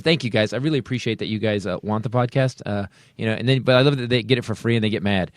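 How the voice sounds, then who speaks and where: A man's voice: medium pitch, fairly even intonation, very fast, hardly any pauses, no echo. A man hosting a comedy podcast, ranting in a profane, fired-up way between casual banter. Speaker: podcast host. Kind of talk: comedic political rant and casual chat.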